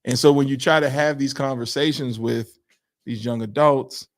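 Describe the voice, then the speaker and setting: A man from Pittsburgh co-hosting a podcast, animated and opinionated, slipping into mimicked voices. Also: medium pitch, moderate pace. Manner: animated, acts out quoted voices while ranting. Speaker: podcast co-host. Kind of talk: casual opinion chat.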